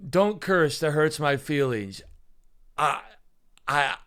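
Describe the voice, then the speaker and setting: Male streamer, stammering, frustrated, cursing, slightly high voice. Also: animated, takes it slowly, a bit bright, clean tone. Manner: stammering, swears a lot, frustrated. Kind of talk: live stream chat.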